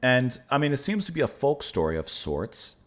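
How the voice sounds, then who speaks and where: A man's voice: mid-range voice, big pitch swings, fairly bright tone. A man hosting a music reaction channel, speaking casually and thoughtfully, sometimes stumbling over unfamiliar names. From United States. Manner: reads lyrics aloud slowly.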